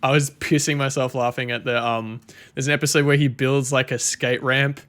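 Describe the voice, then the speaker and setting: A man's voice: medium pitch, level tone, moderate pace, a bit bright. A young man, chatting casually on a livestream, rambling and swearing freely. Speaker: streamer.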